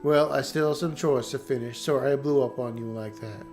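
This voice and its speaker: A man's voice: medium pitch, brisk, a little mellow, faint music behind, close to an everyday voice. A man voicing a young village girl in a game playthrough, reading her dialogue plainly. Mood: wistful.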